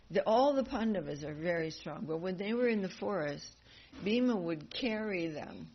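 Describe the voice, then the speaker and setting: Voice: mid-range voice, animated, moderate pace, slightly rough. A speaker teaching a devotional class, telling stories in a rambling, chatty way with frequent laughs and self-corrections. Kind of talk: casual storytelling in a devotional class. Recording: dull lo-fi class recording with faint noise.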